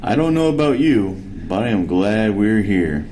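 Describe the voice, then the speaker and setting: A man's voice: lowish voice, animated, moderate pace, a little mellow, a little hiss or hum, natural voice, rough recording. A man as a cheerful storybook dad. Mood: wry. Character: cheerful family dad driving kids. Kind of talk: bedtime storybook voice acting.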